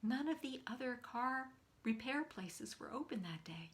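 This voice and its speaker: An older woman coaching a live online group, telling a personal story and acting out the quoted lines with lively jumps in pitch. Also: unhurried. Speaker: speaking coach.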